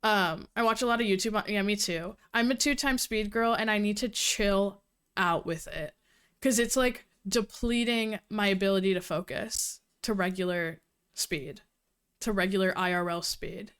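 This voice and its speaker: A woman livestreaming casual chat with her viewers, talking fast and cursing freely, a little out of breath. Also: mid-range voice, fairly bright tone, clear, resonant tone. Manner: fast-talking, profane, giggly. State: slightly out of breath. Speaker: livestreamer reviewing books.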